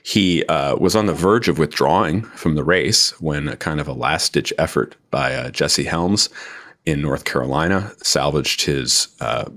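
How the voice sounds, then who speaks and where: A man in his forties, an author guest in an interview, talking slowly and deliberately with many fillers. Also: very deep voice, fairly bright tone. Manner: slow, deliberate, with frequent fillers. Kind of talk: interview discussion.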